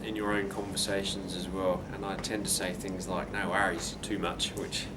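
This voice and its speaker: A man's voice: low-pitched, flat delivery, normal speed, very noisy. A man with an English accent picking up some Australian, answering interview questions casually with lots of ums and laughs. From England. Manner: laughing, hesitant, with many ums.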